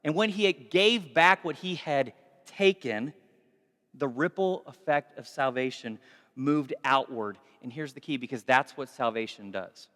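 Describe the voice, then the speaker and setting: A man preaching a sermon in a conversational, animated way, recorded in a large church hall with long reverb. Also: medium pitch, unhurried. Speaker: pastor.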